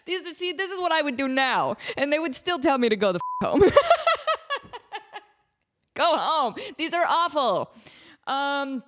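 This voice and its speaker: Brief: woman podcast host, fairly high voice, self-mocking comic storytelling. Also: sing-song, measured pace, long pauses, a bit bright. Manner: self-mocking, laughing at herself. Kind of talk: casual comedic storytelling.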